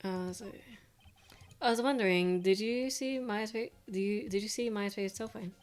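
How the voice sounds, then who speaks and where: A woman's voice: medium pitch, steady tone, moderate pace, darkish tone, natural voice. A woman reading game lines aloud as an earnest young male defense lawyer, hesitant and stumbling over words.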